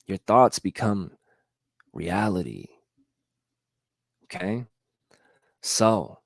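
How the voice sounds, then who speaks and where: A middle-aged man speaks in an earnest, motivational way, pressing his viewers and saying his points again and again. His voice sits on the low side. The sound is dry, with no room echo. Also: a little mellow. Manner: earnest and repetitive, urging viewers directly. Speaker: motivational livestream host. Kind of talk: motivational talk.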